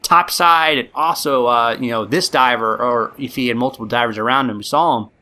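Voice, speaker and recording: A man's voice: medium pitch, fairly quick, sharp tone. A man hosting a podcast, telling a story casually with lots of likes and ums. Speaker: podcast host.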